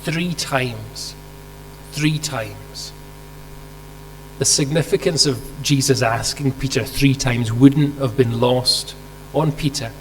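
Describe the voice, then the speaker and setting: A man's voice: mid-range voice, slow pace. A man preaching a sermon, telling a story vividly and asking rhetorical questions, acting out quoted lines. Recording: hall reverb with faint mains hum.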